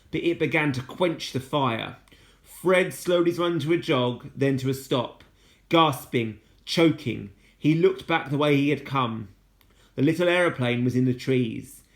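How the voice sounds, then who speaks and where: A man reading a children's novel aloud as a teacher, steady and unhurried, with casual asides when he slips. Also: mid-range voice. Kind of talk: storybook read-aloud.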